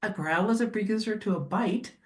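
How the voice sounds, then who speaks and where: A woman guest on a podcast talking as a dog behaviorist, animated and quick to act out little scenes. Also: medium pitch. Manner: animated, acts out dogs and owners in quick asides. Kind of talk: podcast interview conversation. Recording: roomy echo.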